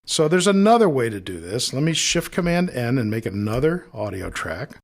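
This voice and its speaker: A man with a voice of ordinary, mid-range pitch leads a screen-recorded lesson on audio editing. He talks in an easy, explanatory way and thinks aloud as he works through each step on screen. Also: moderate pace, gravelly. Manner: relaxed, explanatory, thinking aloud while demonstrating. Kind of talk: screen-recorded software tutorial.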